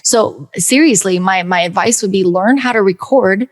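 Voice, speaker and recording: Animated woman music coach on a podcast. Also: mid-range voice, normal speed. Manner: animated, acts out quoted people, many fillers. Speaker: guest, music producer and coach. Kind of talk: casual interview chat. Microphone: studio dynamic mic.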